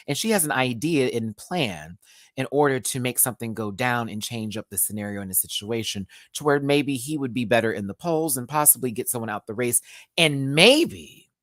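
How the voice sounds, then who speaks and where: A woman's voice: very deep voice, no room sound, clean studio sound. A woman from the States, chatting and laughing often as she reviews a TV episode live from a home setup with a ring light. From Southern United States. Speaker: TV show reviewer.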